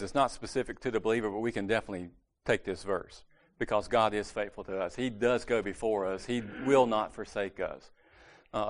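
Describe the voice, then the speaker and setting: A man giving a casual, conversational sermon at a church meeting, correcting himself and joking lightly as he goes. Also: mid-range voice.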